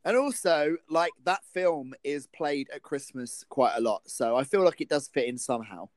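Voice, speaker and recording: A man co-hosting a comedy show, bantering in a jokey, animated way with quick asides. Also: a little high, no echo.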